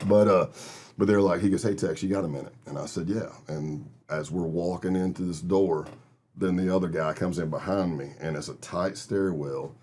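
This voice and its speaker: A man's voice: low-pitched, fairly even intonation, normal speed, mellow, slightly rough. A middle-aged man from Texas, a guest telling vivid stories in a casual interview and acting out other people's lines. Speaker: guest, retired FBI agent.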